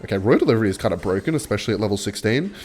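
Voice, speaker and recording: A young man chatting excitedly while playing a game, mixing play-by-play commentary with a story. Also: lowish voice, racing. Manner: excitable, chatty, swings between hype and muttering. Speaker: gaming YouTuber. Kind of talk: live gameplay commentary with storytelling.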